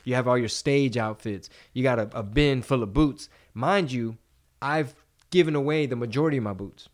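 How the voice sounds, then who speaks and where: A man's voice: medium pitch, moderate pace. A man hosting a podcast in casual chat, rambling and cursing freely as he tells stories. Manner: rambling, profane, animated storytelling. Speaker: podcast host.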